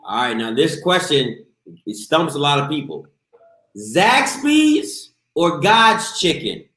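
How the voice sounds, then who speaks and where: A man's voice: a little high, sing-song, slow, a bit bright. A man hosting a casual live interview show, hyped and slangy, talking straight to his viewers. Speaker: show host. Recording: echoey room.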